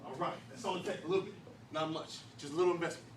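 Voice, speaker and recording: A man with a high voice gives an animated motivational talk, driving his points home with emphasis and rhetorical questions. He sounds distant in a reverberant meeting room, with a faint hum behind him. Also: racing. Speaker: speaker.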